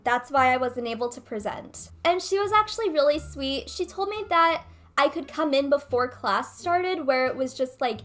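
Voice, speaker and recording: High-voiced young woman telling a story. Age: young adult. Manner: chatty, filler-heavy retelling. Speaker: gaming vlogger. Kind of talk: casual storytime.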